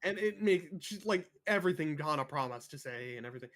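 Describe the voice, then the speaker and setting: A man's voice: fairly high pitch, lively intonation, fast talker, crowd noise. A man co-hosting a casual film discussion podcast, talking loosely with lots of swearing and frequent laughs. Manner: profane, laughs often. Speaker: podcast co-host.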